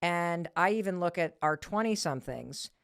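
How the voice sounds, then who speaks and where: A middle-aged woman hosts a loose, candid conversation, poking fun at herself and cursing without a second thought. Her voice sits a little low and sounds smooth and clear, with a dry, close sound. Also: animated, moderate pace, dry recording. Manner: candid, self-deprecating, swears freely. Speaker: podcast host. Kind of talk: casual conversation.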